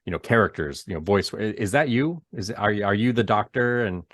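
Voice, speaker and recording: A man hosting an interview, asking questions in a halting, searching way. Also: lowish voice, expressive, a bit bright, no echo, studio quality. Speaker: interview host. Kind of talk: casual video-call interview.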